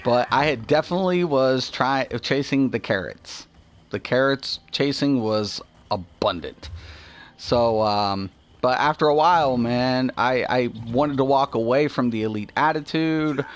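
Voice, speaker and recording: A man's voice: medium pitch, unhurried. Rambling, profane man talking games. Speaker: gaming video host. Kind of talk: casual gameplay commentary.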